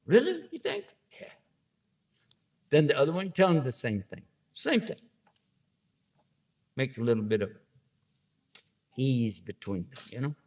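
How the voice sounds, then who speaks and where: A man giving a religious lecture in a relaxed, conversational way, often turning to the audience with questions. He brings his points to life with small acted-out scenes and voices, keeping the tone lightly humorous between serious reminders. His voice sits at a middle pitch for a man. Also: unhurried, pauses often. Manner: storytelling, acting out little scenes with funny voices. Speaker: Islamic lecturer.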